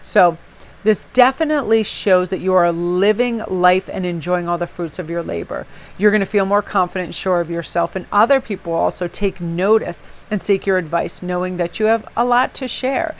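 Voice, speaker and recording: A woman's voice: lowish voice, moderate pace. A woman giving a casual tarot reading to viewers, chatty and rambling, with personal asides and many "you know"s. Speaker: tarot reader.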